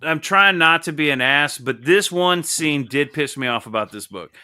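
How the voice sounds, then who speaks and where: A young adult man hosting a casual comic book review, animated, joking and swearing freely. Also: fairly high pitch, moderate pace, clear, resonant tone. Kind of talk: casual podcast chat.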